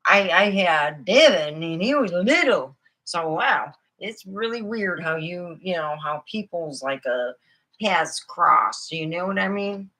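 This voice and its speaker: A woman's voice: fairly low pitch, bright, forceful tone. A middle-aged woman telling rambling comic stories in a chatty, meandering way. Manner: chatty, meandering, many fillers. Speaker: comedian. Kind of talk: rambling stand-up storytelling.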